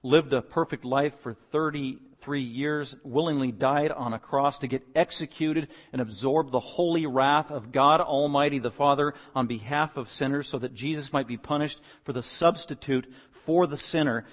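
A male pastor delivering a sermon in an emphatic, rising style, stacking phrase on phrase. His voice sits at an ordinary middle pitch. A long hall reverb trails every line. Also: normal speed, hardly any pauses. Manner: emphatic, building to loud repeated declarations.

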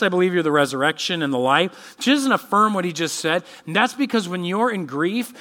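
Animated preacher man, high bright voice. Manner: animated, acts out quoted voices. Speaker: pastor. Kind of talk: sermon.

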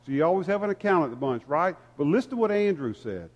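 A man with a somewhat raised pitch delivers a sermon, talking frankly about his own limits and posing question after question to his congregation. His voice rings out with a long reverb in a church sanctuary. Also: expressive, fast, few pauses, darkish tone, highs cut off. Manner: candid, self-deprecating, rhetorical questions. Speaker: preacher.

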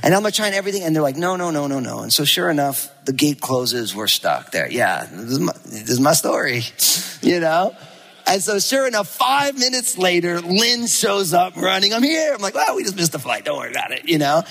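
A man who is a pastor, preaching a sermon and telling a personal story in a lively, animated way, acting out the lines of people in it. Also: on the high side, fairly quick, vocal fry, long reverb tail. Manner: animated storytelling, acts out quotes. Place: church.

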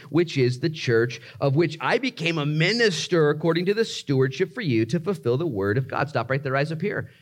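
Animated preaching man, fairly high voice. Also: normal speed. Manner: animated preaching, shifts between quiet prayer and high excited exclamations. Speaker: pastor. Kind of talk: sermon.

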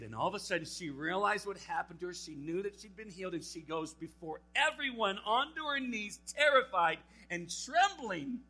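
Bright-voiced young man preaching animatedly. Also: high voice, normal speed, hardly any pauses, breathy edge, low-quality recording. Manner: animated storytelling, acting out quotes. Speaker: camp speaker. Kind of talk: youth camp sermon. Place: camp meeting hall.

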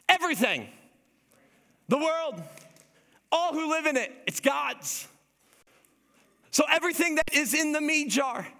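A man preaching a sermon with animated delivery, acting out God and his listeners in quoted asides. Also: very high voice. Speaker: pastor. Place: church hall. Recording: echoey hall with faint music.

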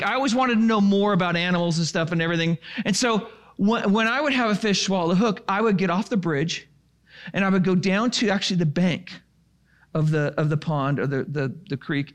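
High-voiced man telling a rambling story. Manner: rambling, with many restarts and fillers; animated and chatty. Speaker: storyteller speaking to an audience. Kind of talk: casual storytelling to a live audience.

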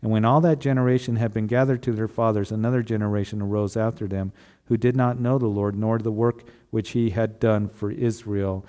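A man's voice: on the low side, steady tone, brisk, mellow. A man preaching a sermon as a pastor, earnest and repeating rhetorical questions to the congregation.

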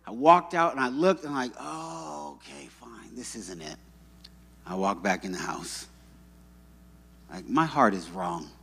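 A man's voice: a little high, a bit bright. A man preaching a sermon in a church, in a conversational, joking storyteller manner. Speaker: pastor. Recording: long reverb in a hall.

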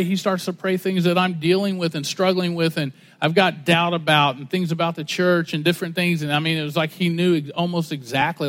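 A pastor preaching to his congregation in a fairly high voice. He tells his stories with energy, acting out every line of dialogue. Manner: animated storytelling, acting out dialogue. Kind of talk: sermon.

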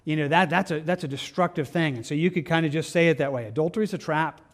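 A man teaching through Bible verses in a loose, conversational way, often restarting his sentences. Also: on the high side. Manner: conversational, halting with frequent restarts and fillers. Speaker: pastor.

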